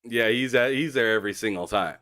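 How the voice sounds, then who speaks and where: A man's voice: mid-range voice, brisk, sharp tone. A man hosting a casual gaming interview, encouraging and given to repeating words as he talks. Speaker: host.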